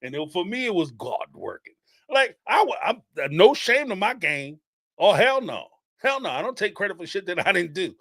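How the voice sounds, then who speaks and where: In a clean, dry studio recording with no room sound, a man hosts a reality TV commentary show in a casual monologue, swearing freely, laughing, and bluntly mocking what others said. His high-pitched voice is very animated and a bit bright, at a moderate pace.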